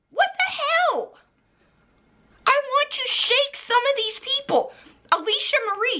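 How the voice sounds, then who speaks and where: High, bright angry young woman ranting. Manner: heated, profane, pointing at the camera. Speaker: beauty commentary vlogger. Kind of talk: angry rant to camera. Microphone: camera mic, facing the camera.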